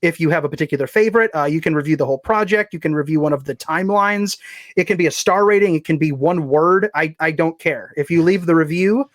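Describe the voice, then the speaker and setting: A man's voice: fairly high pitch, fast talker, a bit bright, dry recording, clean studio sound. A man chatting casually as a podcast guest, rambling and self-deprecating as he plugs his writing. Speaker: guest, fiction writer.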